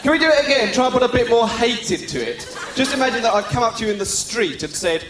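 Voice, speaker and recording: Sardonic stand-up comic on stage. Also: male voice, very high voice, lively intonation, fast talker, few pauses, roomy sound, background noise. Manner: sardonic, teasing the audience. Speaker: stand-up comedian. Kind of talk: live stand-up comedy. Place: theatre stage. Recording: live theatre recording with loud audience.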